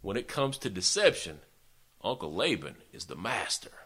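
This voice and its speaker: A male preacher telling a story in a sermon, folksy and animated, often speaking straight to his listeners. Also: lowish voice, normal speed, husky.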